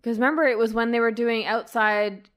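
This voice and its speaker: A woman's voice: on the high side, steady tone, fairly quick, fairly bright tone. Woman co-host cutting in with corrections. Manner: short backchannel replies, corrects details firmly. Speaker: podcast co-host. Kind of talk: casual chat.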